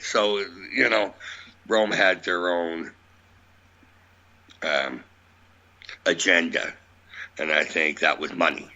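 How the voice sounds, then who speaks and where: A man's voice: low voice, steady tone, takes it slowly, long pauses, sharp tone. A man speaking as a radio guest, musing about beliefs in a plainspoken, rambling way. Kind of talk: conversational radio interview. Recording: dull lo-fi audio.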